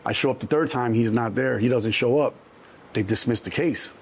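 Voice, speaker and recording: A man's voice: mid-range voice, normal speed, breathy edge. A man in his sixties from Chicago, telling stories from his past in a casual interview, acting out the voices of others with many restarts. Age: 60s. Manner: animated storyteller, acts out quoted voices, many restarts. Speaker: interview guest.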